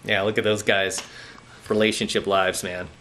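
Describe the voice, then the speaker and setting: A male dating coach delivers a blunt, lecturing monologue straight to the camera. His voice is bright and forceful, and he keeps punctuating his points with "okay?" and "right?". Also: lowish voice, flat delivery, moderate pace, a little hiss or hum.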